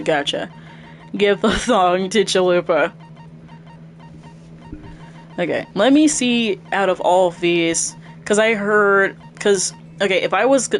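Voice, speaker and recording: Chatty woman streaming a game. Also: lowish voice. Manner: chatty, thinking aloud. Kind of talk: casual game commentary.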